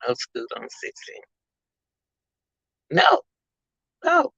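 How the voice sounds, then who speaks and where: A woman's voice: on the low side, wildly swooping pitch, very slow, vocal fry, fairly bright tone, slightly rough, no room sound. A woman vlogger, chatting casually to her viewers about a case. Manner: chatty, addresses viewers as y'all. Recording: dull lo-fi sound.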